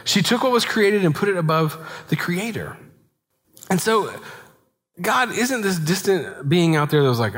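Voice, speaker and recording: A man in his thirties preaching a sermon in a relaxed, conversational way, full of asides and rhetorical "right?" checks. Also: a little high, normal speed. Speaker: pastor. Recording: long hall reverb.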